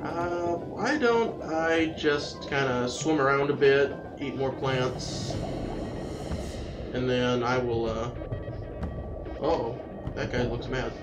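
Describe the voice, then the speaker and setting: A man giving casual, rambling gameplay commentary as a let's-play host, yelping excitedly whenever his creature gets attacked. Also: mid-range voice, slow, long pauses. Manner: chatty, rambling, excitable yelps when attacked. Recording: roomy, distant mic, game music behind. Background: game music.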